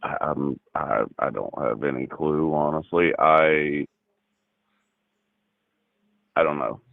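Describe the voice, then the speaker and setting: A very deep-voiced man talks over a thin, phone-like line with no room sound. He argues defensively, stumbling and restarting as he tries to hold his ground. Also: fairly even intonation, measured pace, creaky, no echo. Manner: hesitant, defensive, many restarts.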